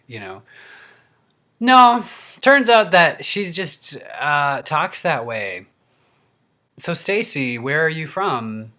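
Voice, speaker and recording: A man with a bright, forward voice rants to the camera, animated and worked up. He tells a funny vlog story in casual, chatty speech at a middle pitch. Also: moderate pace. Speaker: actor and vlogger. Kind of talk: humorous rant.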